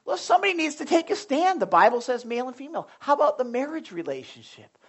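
A young man preaching a sermon as a pastor in a blunt, animated storytelling way, swinging from loud outbursts to quiet asides. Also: very high-pitched, quick pace. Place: church sanctuary.

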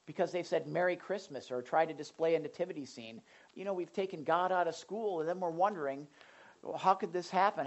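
A woman preaching an impassioned sermon, often repeating and restarting words as she builds to loud cries. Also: sits low, low-quality recording.

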